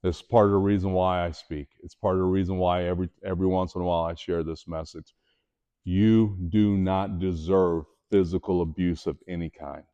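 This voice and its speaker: A man speaking to a school assembly as a motivational speaker, with a lowish voice. He tells a personal story earnestly and acts out the voices he quotes. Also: steady tone, moderate pace, dark tone, smooth, muffled recording.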